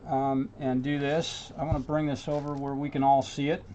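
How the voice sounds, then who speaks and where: A man's voice: mid-range voice, flat delivery, normal speed, warm tone, slight background noise. A man working as a guitar repair technician, thinking aloud and chatting casually with viewers as he works in his workshop. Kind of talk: casual workshop stream talk.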